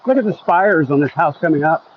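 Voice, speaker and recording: A man's voice: a little high, expressive, a little fast, dull audio, a little hiss or hum. A man from Oklahoma chatting casually on a live stream while walking outdoors at night, reading viewer comments aloud and joking about what he sees. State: a bit out of breath walking uphill. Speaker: vlogger reading live chat. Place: outdoors on a residential street at night.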